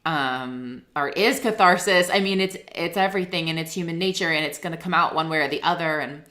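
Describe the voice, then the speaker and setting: A woman in her thirties, a singer-songwriter and guest, talking in a casual, rambling, earnest way, full of "like" and quick laughs. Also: deep voice, bright, forceful tone. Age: 30s. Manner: rambling, heavy use of "like", laughs often; earnest and emotional. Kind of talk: casual interview chat.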